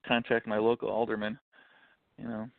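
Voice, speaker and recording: A jokey man in his thirties with a heavily gravelly, creaky voice, talking as a guest author. The sound is dry and tinny, like a phone call. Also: fairly low pitch, completely flat delivery, moderate pace, no room sound. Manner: jokey, repeats words as he starts. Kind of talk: casual interview chat.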